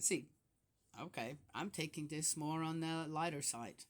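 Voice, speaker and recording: A woman's voice: low voice, unhurried. An older woman hosting a casual Bible commentary, chatting through verses with frequent rhetorical asides and laughs. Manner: laughs often while talking. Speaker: Bible study host.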